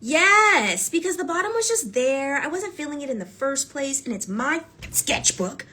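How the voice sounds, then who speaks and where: On a livestream, a woman paints while chatting casually, gushing and excitable, breaking into squeals before dropping to whispers. Her voice sits high and her pace is normal.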